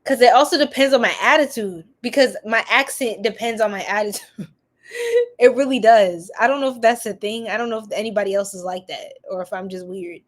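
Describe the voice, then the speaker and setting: A woman's voice: mid-range voice, brisk. A woman with a New York accent, hosting a tarot reading livestream and chatting casually with viewers in a goofy, giggly way. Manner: goofy and giggly, laughs often. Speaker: tarot reader host.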